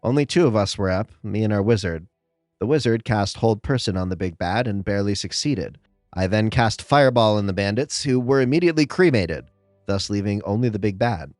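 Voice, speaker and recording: A man's voice: fairly low pitch, lively intonation, brisk, darkish tone, dry recording, clean studio sound. Man narrating stories over faint music. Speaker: host. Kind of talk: scripted narration of reader stories.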